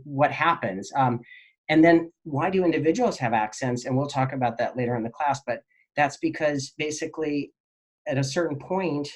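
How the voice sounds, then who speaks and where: A man teaching a class, answering student questions in a relaxed, rambling lecture with many fillers. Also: a little high.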